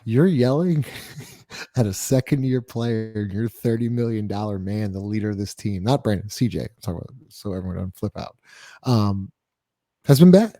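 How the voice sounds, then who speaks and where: A man's voice: fairly low pitch, expressive, normal speed, warm tone, no echo, studio quality. A man co-hosting a sports podcast in casual talk, blunt and exasperated, laughing easily. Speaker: podcast co-host.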